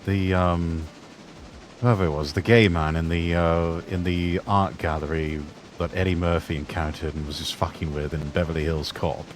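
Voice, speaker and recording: A man's voice: deep voice, steady tone, moderate pace, a little hiss or hum. A man chatting on a game stream, telling stories in a rambling, hesitant way. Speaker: stream co-player. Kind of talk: casual game-stream chat.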